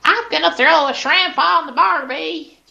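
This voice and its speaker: A man voicing an annoying woman coworker in a high falsetto with a cheesy mock Australian accent. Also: measured pace, vocal fry, sharp tone, lo-fi sound, full character voice. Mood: chirpy.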